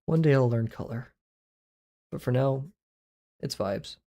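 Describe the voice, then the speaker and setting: A man's voice: medium pitch, unhurried, dark tone. A man livestreaming while he draws, chatting in a rambling, self-deprecating way. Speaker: livestreaming artist. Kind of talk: casual livestream chat while drawing.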